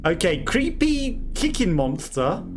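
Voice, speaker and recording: A man's voice: high voice, big pitch swings, slow pace. A man hosting a let's play, chatting and musing aloud with chuckles as he plays. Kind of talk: casual gameplay commentary. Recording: game music behind the voice. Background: game music.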